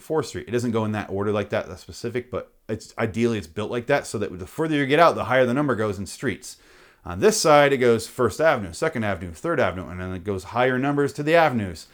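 A man hosting a podcast, ranting comically with heavy swearing and frequent self-interruptions. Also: mid-range voice. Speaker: podcast host. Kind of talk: comedic rant.

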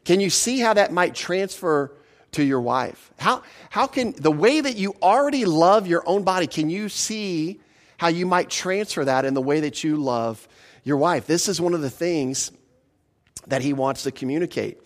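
A man's voice: a little high, lively intonation. Man preaching in a conversational way. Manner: conversational, asks the listeners questions; slows for emphasis on scripture. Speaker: pastor. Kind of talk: sermon.

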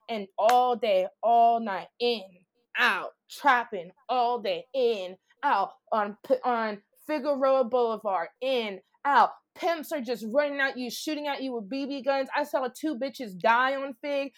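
A woman tells her own story as an interview guest. She talks in a blunt, candid way, swears freely and fills her speech with "like." Her voice sits slightly high. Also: a little slow. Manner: blunt, profane, heavy use of "like".

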